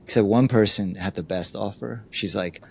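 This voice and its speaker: With a fairly low, gravelly and husky voice, a middle-aged life coach recounts candid stories during an interview at a moderate pace. He keeps slipping in "you know" and performs the voices of those he quotes.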